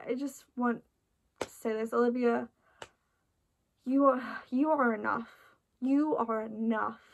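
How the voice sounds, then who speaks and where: A woman's voice: on the high side, vocal fry. A woman chatting in a casual, rambling way, full of restarts and "like", sounding tired and emotional. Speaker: vlogger reacting to an album.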